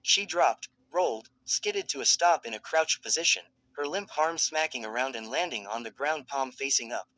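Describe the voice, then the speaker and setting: A man narrating a fan fiction story in a steady, dramatic storytelling manner. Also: mid-range voice, moderate pace, hardly any pauses, no echo, low-quality recording.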